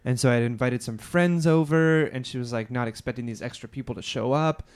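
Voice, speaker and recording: Podcast co-host, male, mid-pitched, loose rambling storyteller full of fillers. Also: a little fast. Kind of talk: casual chat.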